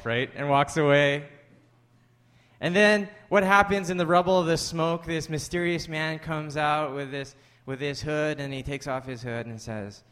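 A man with a slightly high, clean voice preaches unhurriedly as a pastor in a big, echoing room. His sermon is conversational storytelling that blends scripture with jokey asides to the congregation, and he grows animated, his voice rising, whenever he jokes.

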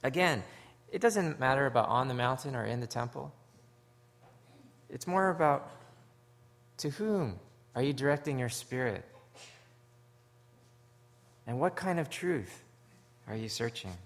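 A man from Canada preaching a sermon, earnest and story-driven, swinging from hushed, low moments to loud, emphatic ones. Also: animated, measured pace, long pauses. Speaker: pastor.

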